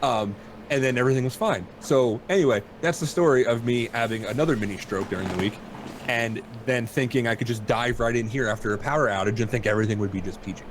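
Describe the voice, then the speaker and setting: A man's voice: medium pitch, fast talker, a little hiss or hum. A man hosting a podcast from home, telling a rambling, self-deprecating story in casual chat. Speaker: podcast host.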